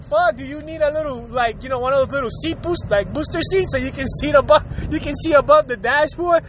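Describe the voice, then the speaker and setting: A man's voice: very high voice, a bit bright, a little hiss or hum. A man hosting his own show, ranting profanely about bad drivers and laughing often as he talks. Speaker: podcast host. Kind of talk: casual comedic rant.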